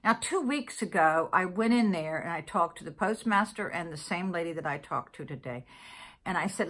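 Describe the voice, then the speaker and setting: A woman's voice: on the low side, normal speed, a bit bright. A middle-aged woman vlogger telling a long personal story in a casual, exasperated, chatty way, checking in with listeners as she goes. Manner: exasperated, chatty, full of asides like "okay?".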